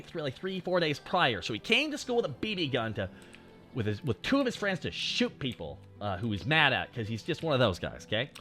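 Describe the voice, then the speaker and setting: A man's voice: a little high, pushed and bright. A young man, telling a story casually on stream in a profane, rambling way.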